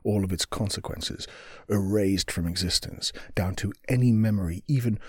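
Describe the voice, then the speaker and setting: A man voicing a calm, knowing female witch in a joke, speaking slowly and softly. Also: fairly low pitch, slightly rough, no echo, clean studio sound. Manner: slow, drawn-out, soft delivery. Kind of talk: joke told on a podcast.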